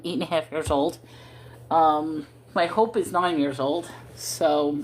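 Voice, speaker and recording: A woman hosting a casual livestream from home into her phone, rambling to viewers and chatting to her cat. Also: a little high. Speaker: livestream host.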